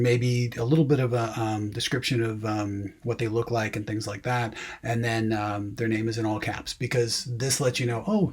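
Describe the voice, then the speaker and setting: A man with a husky, slightly breathy voice explains screenwriting in a relaxed lecture. He talks conversationally, with plenty of ums and dry, wry asides. His tone stays loose and unscripted. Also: medium pitch. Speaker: screenwriting teacher. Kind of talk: casual classroom lecture.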